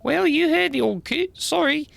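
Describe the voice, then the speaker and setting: A squeaky, cheeky fairy. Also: lively intonation, moderate pace, vocal fry, no room sound, full character voice. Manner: chirpy, slang-heavy, high and bright. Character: cheeky small fairy with slangy accent.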